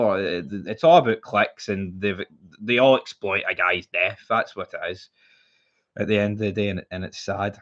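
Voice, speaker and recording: On a muffled recording, a young Scottish man with a fairly low, slightly bright voice speaks at a moderate pace. He's live-streaming casually about football, heated and blunt, cursing freely and going over the same points as he rants.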